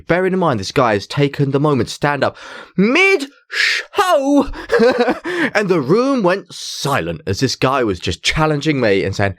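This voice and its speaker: A man's voice: fairly high pitch, a little slow, no echo, studio quality. A man, a mentalist, telling a story on a chatty podcast with lots of laughs. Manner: animated, laughs while telling stories. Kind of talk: casual storytelling chat.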